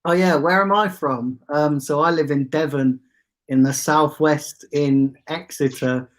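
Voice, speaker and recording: A man's voice: on the high side, steady tone, unhurried. A man hosting a casual livestream, chatting with viewers and reading out their comments with easy banter. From England. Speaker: fan channel host.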